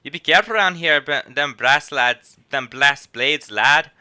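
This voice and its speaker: A man's voice: fairly high pitch, big pitch swings, quick pace, pushed and bright, smooth, no echo, clean studio sound, full character voice. An actor playing a chatty old male peddler in a game cutscene, folksy and wary of soldiers. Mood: grumbling. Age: older. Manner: folksy, drawling storyteller.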